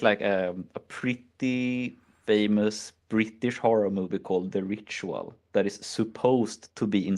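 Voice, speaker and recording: A man with a Swedish accent hosting a casual chat stream, rambling through stories and acting out his own reactions. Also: fairly low pitch. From Sweden. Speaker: stream host.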